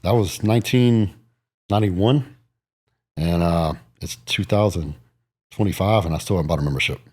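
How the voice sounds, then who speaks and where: Husky, low-voiced man telling stories quickly. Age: 40s. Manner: animated storyteller, acts out quoted voices. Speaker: guest, bodybuilder. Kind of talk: casual storytelling interview.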